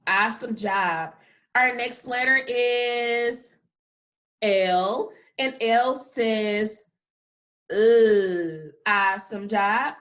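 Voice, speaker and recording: A woman teaching a kindergarten phonics lesson, sounding out letters slowly and praising often. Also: a little high, a bit bright. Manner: slow, drawn-out sounding of letters with frequent praise. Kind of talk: phonics lesson for young children.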